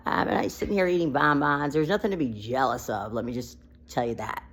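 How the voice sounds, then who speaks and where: In a rumbling low voice with fairly even intonation, a mother talks briskly through an unedited personal vlog. She rambles emotionally, close to crying as she goes.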